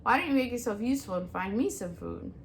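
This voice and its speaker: A woman reading a storybook aloud, voicing a sly, hungry male fox who talks in a gruff, demanding way. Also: on the high side, lively intonation, fast, a little hiss or hum, voice pushed up, close to an everyday voice.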